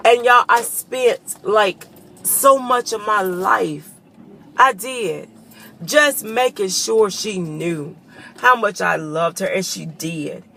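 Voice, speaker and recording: A woman's voice: mid-range voice, lively intonation, slow pace, pushed and bright, a little hiss or hum. A woman giving a personal testimony to her viewers, earnest and emotional, choked up at times and calling them y'all. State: choked up with tears. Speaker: vlogger.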